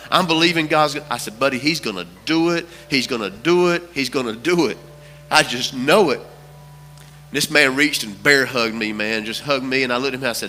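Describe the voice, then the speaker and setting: A man's voice: mid-range voice, pushed and bright, big-room sound. A man preaching a sermon as pastor, telling a story with repeated phrases for emphasis. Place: church sanctuary.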